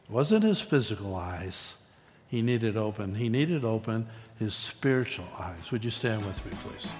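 A man's voice: lowish voice, very animated, measured pace, darkish tone, faint music behind. A man preaching a sermon as pastor, reading scripture aloud and explaining it in a conversational way with asides. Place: church sanctuary. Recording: long reverb of a large hall.

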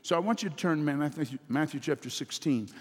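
A pastor with a somewhat high, breathy voice preaches at a brisk pace inside a church sanctuary. He leads his congregation in call-and-response, his delivery building and emphatic, and the church hall adds a long reverb.

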